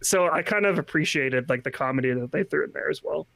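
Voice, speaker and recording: A man co-hosting a film review podcast, talking casually and haltingly with many restarts. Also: fairly high pitch, gravelly, bright, forceful tone, no echo. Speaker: podcast co-host.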